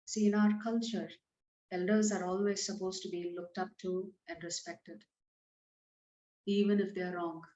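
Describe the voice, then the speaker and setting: A female scripture teacher talks through verses in plain, conversational words. Her lowish voice is mellow and flat in delivery at a moderate pace, recorded in a roomy space that sounds slightly dull.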